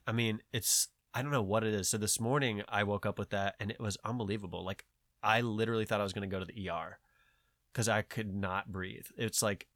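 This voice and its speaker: A man's voice: on the low side, dry recording, clean studio sound. A man with a nasal voice, talking in casual podcast chat, rambling and swearing as he tells a story. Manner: rambling, profane, animated storytelling. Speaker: podcast host.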